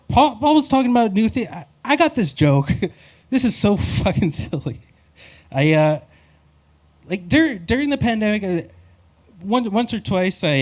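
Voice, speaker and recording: A man's voice: high voice, darkish tone. Wry rambling male stand-up comic. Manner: wry, rambling and self-deprecating. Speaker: stand-up comedian. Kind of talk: live stand-up set.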